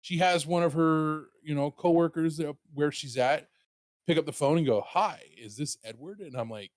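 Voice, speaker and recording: A man's voice: fairly high pitch, moderate pace, no room sound. Rambling man telling a story, dry sound. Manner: rambling, animated, swears freely. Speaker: streamer and podcast host. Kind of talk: casual storytelling chat.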